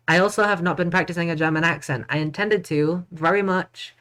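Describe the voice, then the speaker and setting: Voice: medium pitch, normal speed, a bit bright, soft background music. A streamer commenting playfully and chattily on a courtroom game, reading lines aloud and joking along the way. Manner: playful, chatty, laughs at own jokes.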